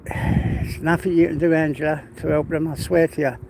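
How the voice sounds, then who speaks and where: A man's voice: on the high side, level tone, normal speed, vocal fry. A man with an English accent rambling casually in a walk-and-talk vlog while out of breath, talking now and then to his dog. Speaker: vlogger. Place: outdoors on a walk. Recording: noisy outdoor phone recording.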